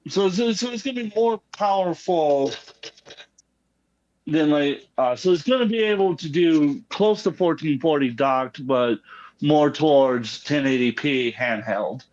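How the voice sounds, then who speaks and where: Guy calling in, kinda high voice, lots of ums, muffled dull audio. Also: lively intonation, unhurried, a little mellow. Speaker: caller. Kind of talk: casual call-in chat.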